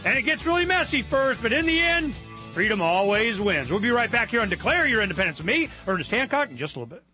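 A man hosting a casual political talk radio show, animated and rambling. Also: sits high, fast, soft background music.

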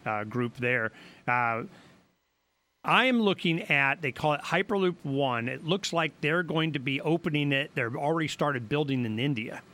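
A middle-aged man with a high, bright, forceful voice, hosting a political talk radio show. He rambles in an animated, colloquial way, jumping from thought to thought. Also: moderate pace.

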